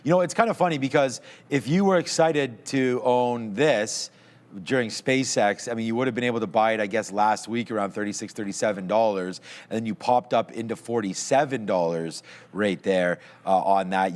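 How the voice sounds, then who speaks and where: Low-voiced man in casual market chat. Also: brisk. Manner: rambling, conversational, chuckles at himself. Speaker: co-host of a live stock market show.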